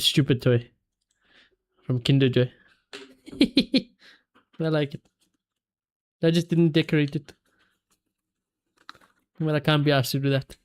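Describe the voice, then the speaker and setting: Excitable high-voiced streamer. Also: male voice. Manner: excitable, reacts to play and reads viewer comments aloud. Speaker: streamer hosting a match watchalong. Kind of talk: live football watchalong reaction.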